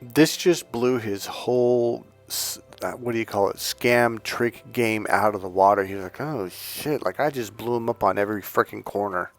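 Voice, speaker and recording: A man who coaches on dating and relationships, talking casually to his channel as an outspoken, animated storyteller. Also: fairly low pitch, moderate pace, few pauses, soft background music.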